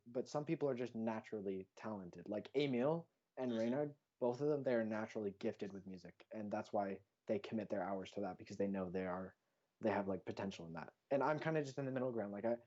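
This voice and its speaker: A man's voice: fairly low pitch, quick pace, mellow. A teenage boy from Hawaii, a podcast guest talking over a video call, rambling with lots of fillers and self-corrections. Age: teens. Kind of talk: casual chat. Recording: lo-fi call audio.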